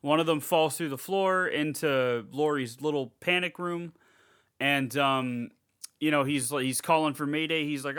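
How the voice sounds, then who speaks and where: In a smooth, unhurried voice that's a little high, this podcast co-host gives a casual review of a horror movie. He's animated, curses freely, and performs scenes in silly voices.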